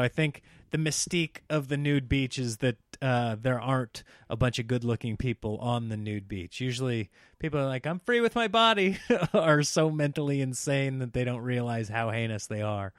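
A man hosting a solo podcast, rambling and joking in an animated comic monologue. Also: mid-range voice, normal speed, no room sound, clean studio sound. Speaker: podcast host.

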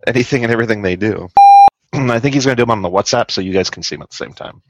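A man's voice: fairly low pitch, fast, heavy background noise. A man hosting a live podcast, joking with his co-hosts and reading viewer comments aloud. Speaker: podcast host. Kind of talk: casual live podcast chat. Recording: lo-fi muffled audio.

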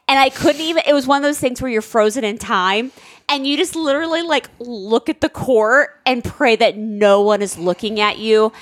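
A woman's voice: moderate pace, no room sound. A woman in her thirties telling a family story in casual chat, acting out quotes with big jumps in her voice. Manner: animated, acts out quotes with big pitch jumps. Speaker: podcast co-host, parent.

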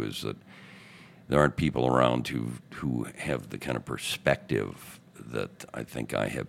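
Gravelly, deep-voiced older man spinning stories. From Chicago. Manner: animated anecdotes, acting out quotes in other voices. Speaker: newspaperman and radio host, podcast guest. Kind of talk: casual storytelling interview. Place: podcast studio booth.

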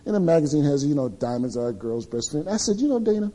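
A middle-aged man preaching a sermon to men, telling confessional stories in an animated way. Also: mid-range voice, quick pace, slightly rough.

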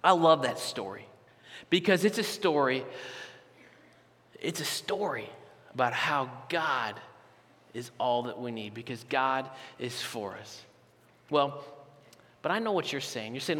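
A man preaching a sermon as a campus pastor, telling a story with animated, conversational asides in a large church auditorium. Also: medium pitch, unhurried, long pauses. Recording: reverberant large hall.

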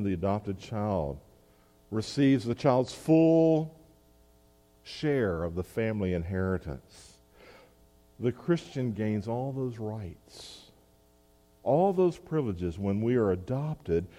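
A man's voice: fairly low pitch, mellow, big-room sound. A man preaching a sermon as pastor, talking in a conversational way with asides and restarts.

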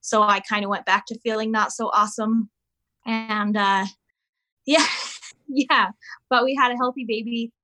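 A woman in her thirties, chatting casually as a podcast guest and telling an animated story. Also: on the high side, a little slow, pauses often, noisy background. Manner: animated storyteller, acts out voices of her kids. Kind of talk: casual chat.

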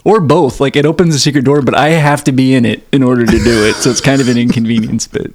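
A man's voice: mid-range voice, fairly even intonation, quick pace, darkish tone, no echo. A man co-hosting a casual podcast, joking and sarcastic, swearing and laughing often. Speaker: podcast co-host. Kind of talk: casual podcast chat about a horror film.

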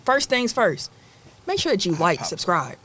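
Laughing, animated woman podcast host. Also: medium pitch, measured pace, a little hiss or hum. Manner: laughing, animated, reads out show housekeeping. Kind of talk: casual sports podcast chat.

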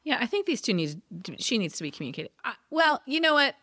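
A woman's voice: sits high, big pitch swings, fast talker, pushed and bright, no room sound. A woman co-hosting a podcast, casually recapping a TV episode and acting out the characters' lines. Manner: chatty, acts out quoted lines. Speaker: podcast co-host.

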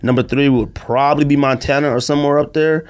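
A man's voice: on the high side, steady tone, quick pace. A man co-hosting a podcast in casual chat, rambling and filling his talk with "like" and "you know". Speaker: podcast co-host.

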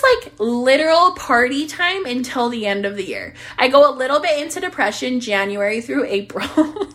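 Young woman, bubbly, laughing, casual swearing, fairly high voice, vlog chat. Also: a bit bright. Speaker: vlogger and business coach. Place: sitting on a closet floor.

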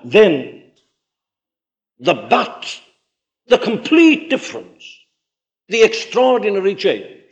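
A man preaching a sermon, emphatic and deliberate, rising high and dropping low to stress his points. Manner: emphatic, dramatic swings in pitch and loudness.

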